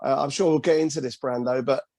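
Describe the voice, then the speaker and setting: Gravelly North London man. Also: mid-range voice, fairly even intonation, quick pace, darkish tone, dry recording. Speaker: podcast guest. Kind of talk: casual video-call interview. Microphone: video call.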